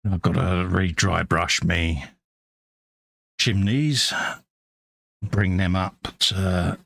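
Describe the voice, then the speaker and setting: Low-voiced British man chatting while painting. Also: fairly even intonation, extremely slow, vocal fry, fairly bright tone, no echo. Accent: British English. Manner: chatty, mumbling asides to himself while working. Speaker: livestream host painting models. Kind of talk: casual chat while painting.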